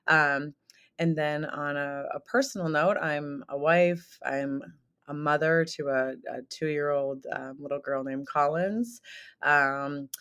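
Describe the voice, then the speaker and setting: A woman in her late thirties from Southern Minnesota, chatting as a podcast guest in an energetic, talkative way with frequent laughs and fillers. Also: low-pitched, clean tone. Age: 30s. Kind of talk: casual podcast interview.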